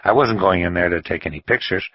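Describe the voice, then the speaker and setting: A man's voice: low voice, fast, husky, dry recording, muffled recording. A man reading an audiobook and voicing a photographer who answers in an aggrieved, defensive way. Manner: wounded, defensive.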